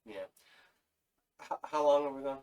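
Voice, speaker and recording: A man's voice: mid-range voice, moderate pace, a little mellow, far from the mic, low-quality recording. A man co-hosting a casual podcast, reading through a list of names with fillers and self-corrections. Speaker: podcast co-host.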